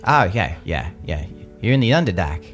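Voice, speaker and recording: Guy doing a nervous wanderer dude, stammers a lot, fake british accent, lowish voice. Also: big pitch swings, normal speed, fairly bright tone, soft background music. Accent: British-sounding put-on. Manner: stammering, rambling. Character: nervous male human wanderer, chatty, timid.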